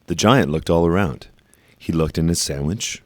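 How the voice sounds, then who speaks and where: A man reading a children's storybook aloud, leaning slowly and emphatically on repeated phrases. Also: deep voice, darkish tone, dry recording.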